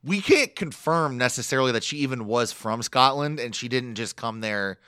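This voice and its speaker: A man's voice: mid-range voice, animated, moderate pace, bright, forceful tone, clean tone, dry recording, clean studio sound. A young man co-hosting a podcast, chatting casually in a rambling way full of fillers and frequent laughs. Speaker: podcast co-host. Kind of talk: casual chat recapping a reality show.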